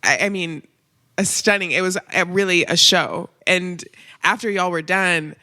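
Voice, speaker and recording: A young woman chatting as a guest, bubbly and quick to laugh. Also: on the low side, sharp tone. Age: young adult. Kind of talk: casual chat.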